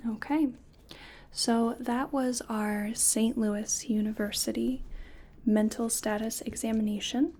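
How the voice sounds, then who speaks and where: A woman slips into a whispered role-play as a gentle clinician, her voice airy and breathy. She speaks slowly and patiently, guiding each step with care. Her tone stays mellow and a touch high. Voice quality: soft whispering. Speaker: ASMR artist playing a clinician giving cognitive tests.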